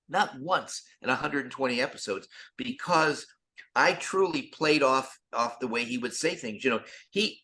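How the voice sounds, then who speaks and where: An older man, a guest actor, telling lively stories in an interview and acting out the quotes, often repeating words as he goes. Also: medium pitch. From United States. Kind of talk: storytelling interview.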